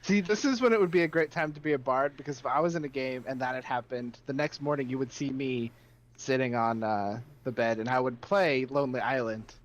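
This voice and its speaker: A man's voice: mid-range voice, brisk, dull audio. A man co-hosting a casual podcast recap, cracking jokes and playful asides. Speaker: podcast co-host.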